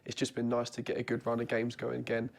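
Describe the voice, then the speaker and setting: A man's voice: medium pitch, completely flat delivery, fast, gravelly. A man, a goalkeeper guest from southern England, answering interview questions earnestly with some hesitation.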